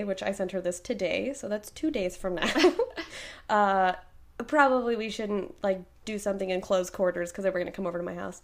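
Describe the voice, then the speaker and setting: A woman's voice: mid-range voice, fairly quick. A woman in her thirties co-hosting a podcast in casual chat, rambling and laughing often as she shakes off a cold. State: recovering from a cold. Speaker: podcast co-host.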